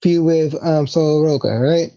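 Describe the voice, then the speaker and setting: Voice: mid-range voice, a little slow, dark tone. A podcast co-host in a chatty, casually swearing conversation. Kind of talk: casual wrestling recap chat. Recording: dull lo-fi recording.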